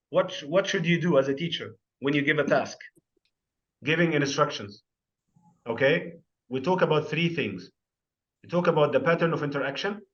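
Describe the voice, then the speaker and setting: A man's voice: on the high side, lo-fi sound. A man running an online teacher-training webinar, explaining terms through questions and examples. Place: video call.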